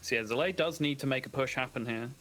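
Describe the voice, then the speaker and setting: A man's voice: mid-range voice, fast, a bit bright. A man casting a live card game tournament, explaining plays at length with lots of casual fillers. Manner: analytical, filler-heavy explaining. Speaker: esports caster.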